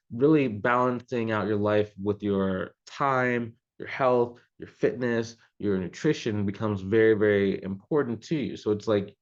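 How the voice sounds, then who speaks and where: Low-voiced man giving casual business advice. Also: muffled recording. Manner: loose and conversational, many fillers. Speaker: business coach. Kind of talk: casual advice talk to camera.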